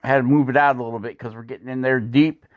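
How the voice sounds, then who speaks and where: A man's voice: mid-range voice, fairly even intonation, fast, muffled recording. A man narrating a woodcarving video in a folksy, rambling way, chuckling at his own asides. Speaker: woodcarving channel host. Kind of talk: voice-over narration of a carving video.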